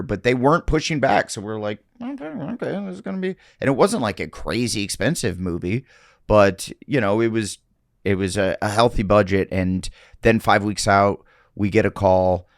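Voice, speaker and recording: A comedian guest on a podcast, telling loose stories in casual chat and swearing freely. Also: male voice, on the low side, fairly even intonation, moderate pace, no echo, studio quality. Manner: loose, swearing storyteller with quoted voices.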